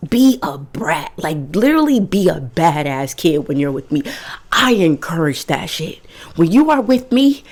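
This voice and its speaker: Low-voiced young woman, candid and emphatic. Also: darkish tone. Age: 20s. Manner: candid, emphatic, swears freely, addresses viewers directly. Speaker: vlogger. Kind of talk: casual self-help talk to camera.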